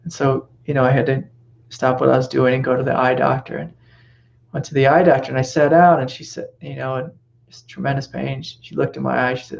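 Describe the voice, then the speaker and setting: Gentle gravelly man teaching spirituality. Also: medium pitch, little pitch movement, a little fast, muffled recording. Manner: gentle, reflective, with soft whispered reassurances. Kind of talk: satsang teaching talk.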